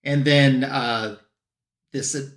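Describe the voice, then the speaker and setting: A man on a comic book show giving a casual plot recap and quoting characters in quick bursts. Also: mid-range voice, fairly even intonation, a bit bright, reverberant. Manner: retells scenes with quick quoted voices for characters.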